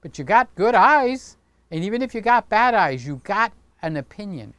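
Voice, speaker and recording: Man, livestream host, chatty and playful, smooth clear voice, dry close mic. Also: sits high, very animated, moderate pace, fairly bright tone, dry recording. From Greek heritage. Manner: chatty, playful, talks with his hands. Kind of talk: casual livestream chat.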